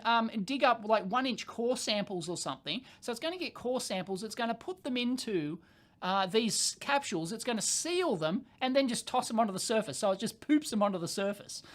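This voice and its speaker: A man's voice: very high-pitched, lively intonation, a little fast, a bit bright. A man telling a story on a casual livestream. He rambles with lots of fillers and casual swearing. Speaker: channel host.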